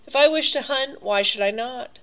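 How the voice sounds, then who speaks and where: A woman's voice: fairly high pitch, moderate pace, a bit bright, pitched above the performer's own voice, low-quality recording. A suave cruel old aristocrat, as a woman narrator puts him on. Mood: smooth, mocking. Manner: urbane, mocking, coolly pleased. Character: suave, cruel older male aristocrat hunter. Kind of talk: audiobook reading.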